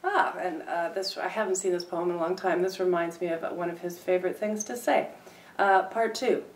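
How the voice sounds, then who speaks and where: A woman poet reading her own poems aloud, with low-key, wry asides between them. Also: fairly even intonation, brisk. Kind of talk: poetry reading with spoken asides. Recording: roomy sound from a distant mic.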